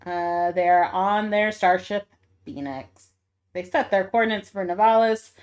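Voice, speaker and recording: A woman's voice: medium pitch, unhurried. A woman co-hosting a casual book club chat who recaps the plot with fillers and frequent laughs. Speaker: podcast co-host.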